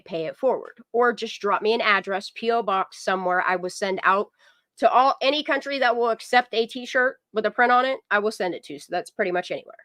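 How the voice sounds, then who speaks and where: A woman hosting a casual live stream, chatty and excitable, rambling through long asides and talking to her dog. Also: mid-range voice, no echo. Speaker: livestream host.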